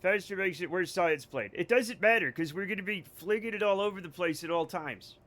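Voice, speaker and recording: A man's voice: sits high, fairly quick, fairly bright tone. An American man streaming a game, joking and rambling to his chat. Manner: jokey, rambling, talks to chat. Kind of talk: casual livestream chat.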